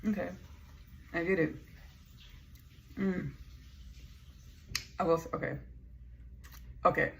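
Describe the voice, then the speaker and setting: A woman's voice: low voice, fairly even intonation, measured pace, creaky, pauses often, a little hiss or hum. A Texan woman rambling casually in a vlog, playful and chatty with lots of asides. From Texas. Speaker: vlogger.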